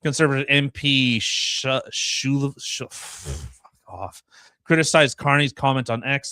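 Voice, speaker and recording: A man's voice: medium pitch, pushed and bright, dry recording, clean studio sound. A man co-hosting a podcast, giving casual political commentary and reading news articles aloud with blunt, sarcastic asides. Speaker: podcast co-host.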